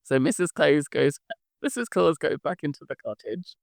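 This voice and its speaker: A father narrating an improvised bedtime story in a playful, animated way. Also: fairly high pitch, normal speed, gravelly, no echo, studio quality.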